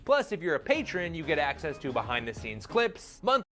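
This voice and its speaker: A man's voice: a little high, huge pitch swings, normal speed, a bit bright, soft background music. A man hosting a scripted comedic explainer video, sarcastic and full of jokey asides. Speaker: video host.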